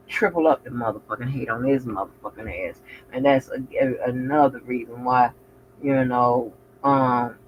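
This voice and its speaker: A woman hosting a reaction commentary channel, profane and animated, talking back at the clips she plays. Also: rumbling low. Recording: muffled with faint background noise.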